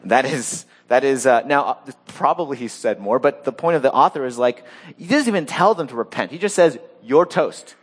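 A man preaching a sermon, animated, acting out the story's characters with sudden rises in pitch. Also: brisk, breathy edge. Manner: animated, acts out quoted voices with rising pitch. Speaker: pastor.

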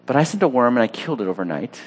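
A preacher voicing a patient, chiding God. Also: male voice, medium pitch, rapid-fire, breathy edge. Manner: calm, reasoning, mildly reproachful. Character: patient, gently chiding male deity.

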